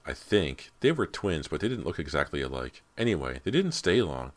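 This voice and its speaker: A man's voice: very deep voice, big pitch swings, normal speed. A man voicing a friendly, slightly nervous teenage neighbor girl in an audiobook, with a light, gossipy manner. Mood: confiding.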